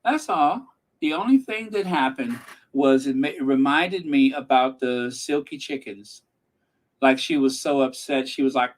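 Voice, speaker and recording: A man's voice: mid-range voice, animated, unhurried. A man hosting a casual reaction channel, speaking sarcastically and emphatically to his viewers and live chat. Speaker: commentary channel host.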